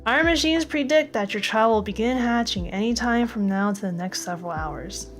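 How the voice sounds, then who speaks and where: A woman reading as a calm matter-of-fact nurse. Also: a little high, moderate pace, faint music behind, lightly acted. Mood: procedural. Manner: polite, informative, reciting hospital rules.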